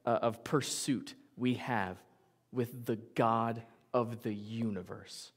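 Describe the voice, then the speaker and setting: A man's voice: medium pitch, fairly even intonation, takes it slowly, breathy edge. A male pastor preaching a sermon in a conversational, jokey way, often acting out what people say. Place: church sanctuary.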